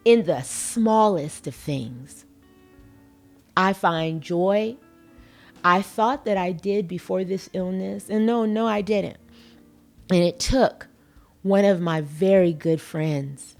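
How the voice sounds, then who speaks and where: A woman's voice: fairly low pitch, lively intonation, takes it slowly, gravelly, faint music behind. A middle-aged woman hosting a motivational podcast, earnest and folksy, talking with emphatic conviction. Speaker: podcast host.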